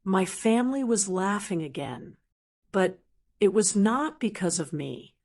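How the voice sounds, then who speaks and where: Woman narrator, mid-pitched, slow and clearly enunciated, doing scripted storybook narration for learners. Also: animated, a little mellow. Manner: slow, plain, clearly enunciated simple sentences.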